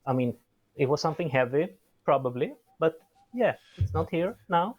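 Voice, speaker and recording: A man's voice: on the high side, animated, moderate pace, dull audio. A man playing a tabletop role-playing game, speaking bluntly and matter-of-factly. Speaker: player.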